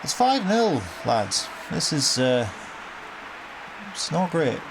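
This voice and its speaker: A man's voice: a little high, big pitch swings, slow pace, creaky, noisy background. A young man casually commentating a football video game, wry and exasperated, cursing at his team's misfortunes. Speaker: gaming commentator.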